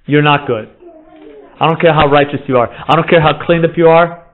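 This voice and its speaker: A man preaching a sermon with passion, rising to near-shouts at emotional points. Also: on the high side, brisk. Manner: impassioned, rising to near-shouts when voicing the father. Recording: tinny phone-like audio with background noise.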